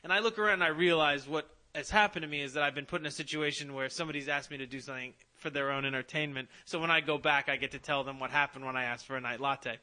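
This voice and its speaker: A man's voice: a little high, fairly even intonation, quick pace, few pauses, pushed and bright. A man, a podcast co-host, telling a rambling, self-deprecating anecdote in casual comedic chat.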